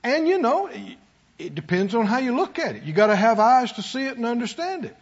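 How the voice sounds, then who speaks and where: A man preaching a sermon to a congregation in a call-and-response style, sometimes rising to shouts. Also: very high-pitched, very animated, fairly quick, muffled recording. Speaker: pastor.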